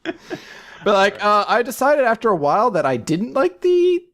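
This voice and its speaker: Higher-voiced man bantering playfully. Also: wildly swooping pitch, unhurried, a bit bright. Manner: jokey, goofy banter. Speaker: podcast co-host. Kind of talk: casual chat.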